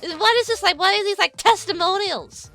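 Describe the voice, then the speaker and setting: Woman streamer, sharp bright tone, casual reaction commentary, swears freely. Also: extremely high pitch, normal speed, faint music behind. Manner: incredulous, swearing, laughs often.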